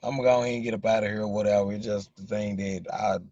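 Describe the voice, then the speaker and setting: A man's voice: fairly low pitch, fairly even intonation, racing, warm tone, dry recording, lo-fi sound. A man with a Southern accent from Arkansas, rambling in a casual live chat with viewers and repeating "you know what I'm saying". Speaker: livestream host chatting with viewers.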